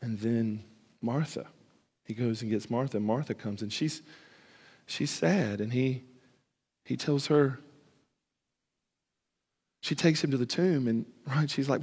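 Husky pastor preaching in a reverberant hall. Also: male voice, medium pitch, a little slow, long pauses. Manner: animated, acts out dialogue, stammers when excited. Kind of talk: sermon. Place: church sanctuary.

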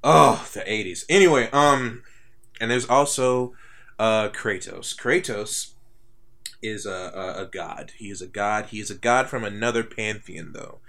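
A man's voice: lowish voice, a little slow, creaky, pushed and bright. A young man co-hosting a casual podcast, laid-back and swearing freely. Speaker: podcast co-host. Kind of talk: casual chat.

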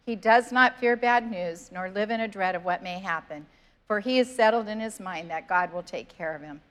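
A woman's voice: medium pitch, normal speed, a bit bright. A woman pastor giving a sermon in church, earnest and conversational, reading scripture aloud. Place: church sanctuary.

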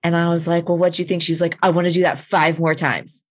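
A woman's voice: on the low side, level tone, fast talker, dry recording. A woman co-hosting a podcast, telling a story casually and animatedly, with frequent swearing and fillers.

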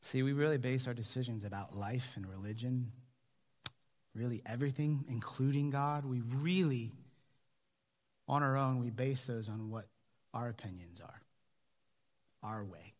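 A male pastor with an American accent preaching a sermon, animated, sometimes dropping to a near whisper. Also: medium pitch, a little slow, pauses often, big-room sound.

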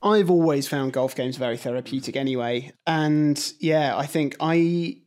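A man's voice: mid-range voice, normal speed, darkish tone. A man co-hosting a podcast, telling stories with animation and acting out quoted voices. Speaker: podcast co-host. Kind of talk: casual chat. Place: at a table with his co-host.

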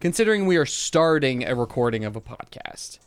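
Wry, deadpan young man. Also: mid-range voice, fairly quick, clean tone, no room sound. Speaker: podcast co-host. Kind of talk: casual chat.

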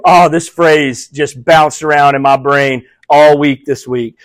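A man preaching as a pastor, passionate, swinging between loud emphasis and hushed, quiet quoting. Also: a little high, moderate pace, no room sound, poor audio. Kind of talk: sermon.

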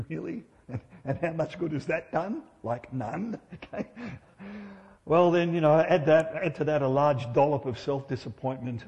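A man's voice: fairly high pitch, moderate pace, a little mellow, in a large hall, muffled recording. A middle-aged man preaching a sermon in church, conversational and humorous, often asking his listeners rhetorical questions.

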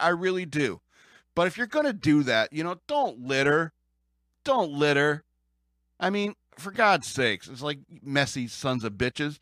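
A man's voice: medium pitch, bright, forceful tone, no room sound, studio quality. A man with an American accent, chatting casually about the news as a podcast host, rambling and joking, often laughing and restarting his sentences.

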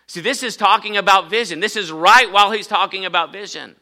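A man's voice: high-pitched, fairly quick, few pauses, sharp tone. A man, a pastor, preaching a sermon in church, emphatic and often asking the congregation questions.

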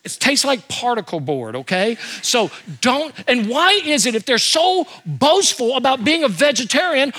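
An older man preaching a sermon as a pastor, animated and humorous, telling stories and asking rhetorical questions. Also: extremely high pitch, moderate pace, hardly any pauses.

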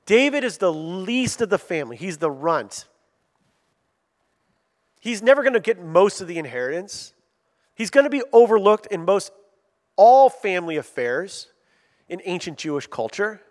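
A man preaching a sermon in a conversational, animated storytelling manner, in a church hall. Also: high-pitched, moderate pace, pauses often. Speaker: pastor. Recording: long hall reverb.

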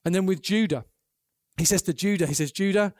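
A man preaching a sermon, earnest and animated, acting out the quotes in his stories. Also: high voice, fairly quick, dry recording, studio quality.

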